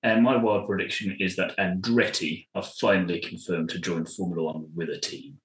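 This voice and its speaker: A man's voice: deep voice, steady tone, moderate pace, echoey room, low-quality recording. A man co-hosting a podcast, teasing the others and laughing often. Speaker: podcast co-host. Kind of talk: casual chat.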